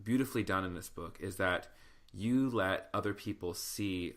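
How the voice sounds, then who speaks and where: Man, podcast host, southern us accent, lowish voice, bright forceful tone, animated storytelling. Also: normal speed. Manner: animated storyteller, preacher-style call and response. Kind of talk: casual chat.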